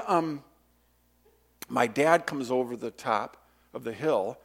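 A man preaching a sermon, telling a childhood story with lively voice and acting out the shouted moments, then leading a prayer. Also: mid-range voice, a little slow, long pauses. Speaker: pastor. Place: church sanctuary.

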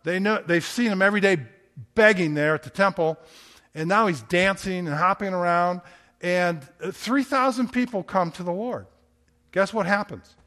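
High-voiced man preaching a sermon. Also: normal speed, fairly bright tone. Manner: conversational storytelling with rhetorical questions. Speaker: pastor.

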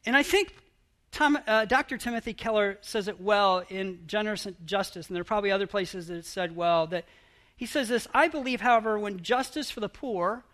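Man, pastor, sermon, fairly high voice, earnest, stop-start phrasing. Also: a bit bright. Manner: earnest, halting delivery with frequent restarts.

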